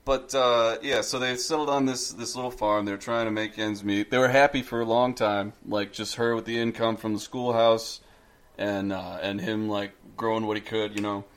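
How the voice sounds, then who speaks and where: A man's voice: fairly low pitch, fairly even intonation, moderate pace, clean tone. A man casually telling a local ghost story on a podcast, full of fillers and asides. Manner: rambling, frequent fillers and laughs.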